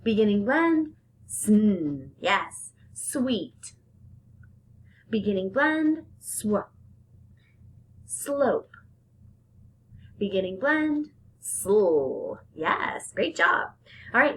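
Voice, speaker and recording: A woman leads young children through a phonics lesson, stretching out the sounds and giving praise after each answer. Her pitch swings up and down a lot while she keeps a slow pace. A faint hiss sits under the camera-mic recording. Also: big pitch swings. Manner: slow, sing-song teacher talk with drawn-out sounds and praise. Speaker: teacher.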